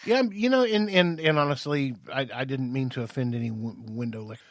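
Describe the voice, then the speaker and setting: A man co-hosting a podcast, throwing in quick jokes and wisecracks during casual banter. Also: medium pitch, dry recording, clean studio sound. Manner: wisecracking, joking interjections. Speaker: podcast co-host.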